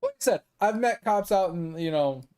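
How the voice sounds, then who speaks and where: A man chatting casually while he plays a game, telling a story with a lot of swearing and laughter. His voice sits high for a man, with a mellow, soft edge. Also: normal speed, smooth. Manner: profane, animated storytelling with laughs. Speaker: gaming streamer.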